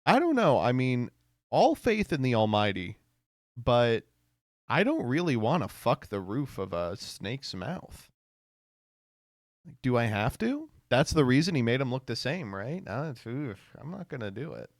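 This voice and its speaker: A man streaming and reacting to posts, laughing a lot and swearing freely. His voice swings widely in pitch. The recording is dry and close, with no room echo. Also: unhurried. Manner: animated, laughs often, swears.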